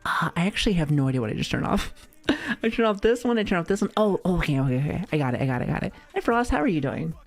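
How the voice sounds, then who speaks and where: A woman's voice: low voice, big pitch swings, very fast. A woman streamer chatting casually with her viewers, playful and giggly, often laughing and swearing lightly. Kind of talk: casual live-stream chat.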